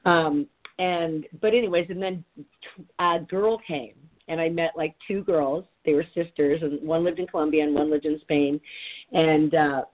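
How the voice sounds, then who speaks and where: A woman's voice: sits low, fairly even intonation, measured pace. A middle-aged woman hosting a podcast, telling a story in a rambling, chatty way with lots of "like". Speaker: podcast host. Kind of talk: casual chat. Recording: tinny phone-like sound.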